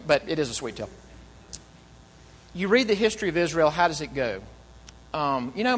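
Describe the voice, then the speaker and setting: A man preaching a sermon in an animated way, acting out quoted speakers and dropping to soft, low tones. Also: normal speed, pauses often, big-room sound, poor audio. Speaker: pastor.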